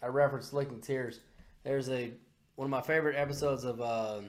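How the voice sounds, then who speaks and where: A man hosting a podcast in casual, crude, excitable talk that rambles along with fillers. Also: mid-range voice, fairly quick. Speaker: podcast host. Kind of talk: casual political chat.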